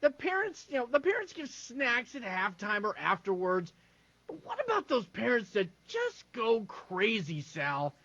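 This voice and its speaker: A man co-hosting a sports talk show, telling animated stories with lots of stumbling restarts. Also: very high voice, unhurried, muffled recording.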